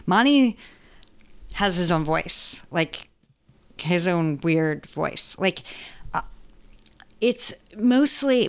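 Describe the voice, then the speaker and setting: Woman guest, lowish voice, rambling and self-mocking in casual interview chat. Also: vocal fry. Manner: chatty, self-deprecating, rambling. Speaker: podcast guest.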